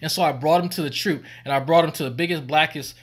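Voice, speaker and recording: A man's voice: fairly high pitch, fast talker. A man, a former army medic, telling stories on a stream in a rambling, profane and laughing way. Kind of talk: casual storytelling on stream.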